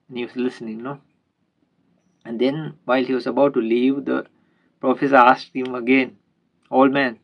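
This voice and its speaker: A man telling a spiritual teaching story in an unhurried way, with many fillers and tag questions. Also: mid-range voice, gravelly, dull audio.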